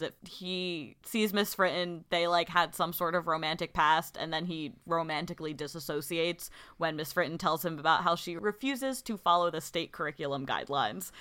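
A woman chatting through a movie recap in a relaxed, rambling way, peppering her sentences with "like." Her voice sits a little low for a woman but rings bright. Her words come out smooth and clean. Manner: laid-back storytelling with frequent "like" fillers and laughs. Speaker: podcast co-host recapping a film. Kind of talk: casual chat.

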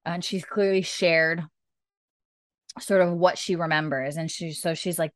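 A low-voiced woman hosts a podcast and recaps an episode in loose, rambling chat. She fills her talk with "like" and "um" and often jumps back to fix what she just said. The sound is close and dry, with no room echo. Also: fairly even intonation, a little slow. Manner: chatty, rambling, full of "like" and "um". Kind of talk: casual chat.

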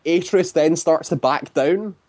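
A man chatting casually, retelling a story at length and often slipping into quick acted-out quotes. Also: on the high side, a little mellow, no room sound. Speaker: guest describing a video game. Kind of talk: casual chat.

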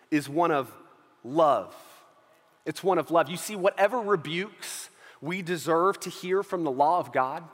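A man's voice: high voice, a bit bright, big-room sound. A man preaching a sermon as pastor of his church, emphatic and repeating key phrases, often checking in with his listeners.

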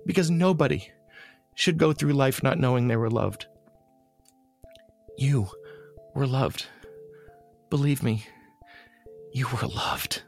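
A man narrating his own story in a halting, emotional way, stammering and repeating words. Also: mid-range voice, vocal fry, a little mellow, faint music behind. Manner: emotional and urgent. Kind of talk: scripted memoir narration.

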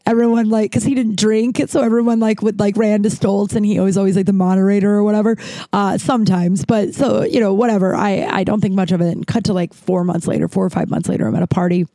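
A woman in her thirties rambles through a long personal story, swearing, restarting often, and packing in fillers and "likes" as she animatedly retells it. Her mid-range voice moves fast, and there's no room sound.

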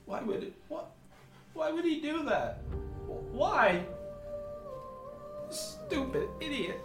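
A man voicing a young woman sobbing over a fallen friend, high and choked. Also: wildly swooping pitch, slow pace, echoey room, music in the background, exaggerated voice. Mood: grief-stricken.

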